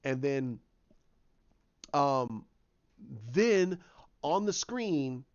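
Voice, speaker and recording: A man's voice: on the high side, lively intonation, very slow, darkish tone. A man casually retelling his own movie idea, rambling with many restarts and fillers. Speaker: fan pitching a movie idea. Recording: dull lo-fi recording.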